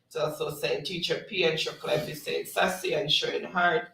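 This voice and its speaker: A man's voice: a little high, steady tone, normal speed, gravelly, sharp tone, reverberant, far from the mic, low-quality recording. A man hosting a livestream, reading out viewers' comments in casual chat and laughing often. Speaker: livestream host.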